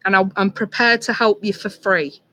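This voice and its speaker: A tarot reader on a live stream, talking softly and reassuringly to a viewer, with many ums and restarts. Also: mid-range voice, fairly even intonation, normal speed.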